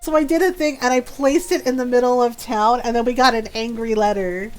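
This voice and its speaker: A woman's voice: on the high side, fairly even intonation, fairly quick. A woman streaming from home, chatting casually with viewers, greeting them by name and breaking into giggles as she talks. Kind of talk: casual live-stream chat. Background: faint background music.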